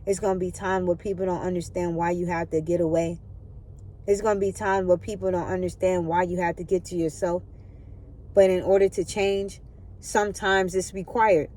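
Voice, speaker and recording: A woman's voice: fairly low pitch, level tone, moderate pace, mellow. Woman preaching into her phone, earnest, keeps asking y'all okay. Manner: earnest, preachy, checks in with listeners often. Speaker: spiritual vlogger. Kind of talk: spiritual motivational talk.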